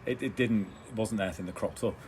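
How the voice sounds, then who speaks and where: English man, podcast co-host, lowish voice, deadpan, faint hiss behind. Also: fast talker. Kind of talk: casual chat.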